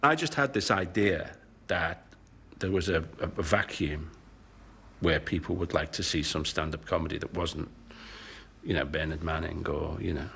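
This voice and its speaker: A man's voice: extremely low pitch, moderate pace, creaky, fairly bright tone, husky. A man, a comedian, speaking reflectively in an interview, hedging with "you know" and throwing in sound effects. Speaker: comedian guest.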